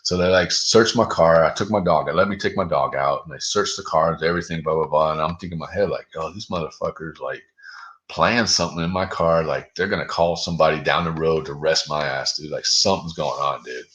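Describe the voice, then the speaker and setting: A man's voice: very deep voice, fairly quick, fairly bright tone. A man, the guest on an interview show, telling a long story in a loose, profane way, full of 'dude' and 'like'. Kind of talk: casual storytelling.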